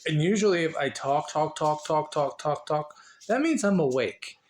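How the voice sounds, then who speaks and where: A man's voice: a little high, lively intonation, normal speed. A man vlogging casually and reading from a book, rambling and repeating words with many restarts. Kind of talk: casual chat and reading aloud.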